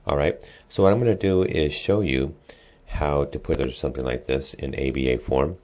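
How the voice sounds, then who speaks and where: A music teacher with an extremely deep, low, darkish voice guides students through a class assignment in a screen-recorded lesson. He speaks casually and steadily, explaining each step while pausing on ums and restarting sentences.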